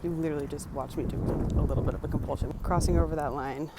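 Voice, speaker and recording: A woman's voice: low voice, fairly even intonation, rapid-fire. A young woman vlogging outdoors, nervously chatty and self-aware, leaning on "like" and "literally" as she talks through her anxiety. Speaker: vlogger doing exposure therapy. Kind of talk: casual vlog talk to camera. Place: outdoors on a city street and in a graveyard. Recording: outdoor street noise with traffic.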